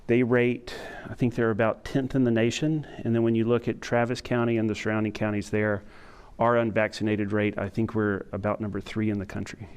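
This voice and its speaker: A middle-aged man giving a training lecture to emergency medical staff, talking in a self-described monotone and pausing often with fillers. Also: fairly low pitch, smooth. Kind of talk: conference lecture to EMS staff. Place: lecture room with an audience.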